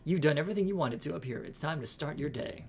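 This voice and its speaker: A man's voice: a little high, expressive, fast, vocal fry, darkish tone, a little hiss or hum. A man streaming a visual novel, chatting casually and reading the game's narration aloud. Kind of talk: casual chat and reading game text aloud.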